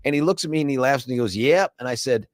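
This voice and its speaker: A man's voice: very fast, no room sound. A man hosting a radio talk show, telling jokey stories and acting out the other people in them. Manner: jokey storyteller, acting out dialogue with big pitch jumps. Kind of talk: casual radio banter. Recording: dry studio mic.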